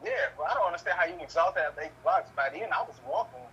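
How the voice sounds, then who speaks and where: Animated high-voiced storyteller man. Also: rapid-fire, slightly rough, dull audio. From Louisiana. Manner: animated storyteller, acts out quotes loudly, swears, laughs. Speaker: podcast host. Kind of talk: casual storytelling chat.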